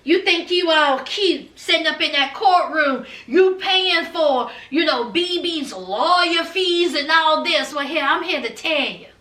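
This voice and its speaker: A woman's voice: high-pitched, lively intonation, measured pace, hardly any pauses, sharp tone, full character voice. A woman voicing a scheming, threatening well-off mother who speaks in a condescending, taunting way. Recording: roomy, distant from mic.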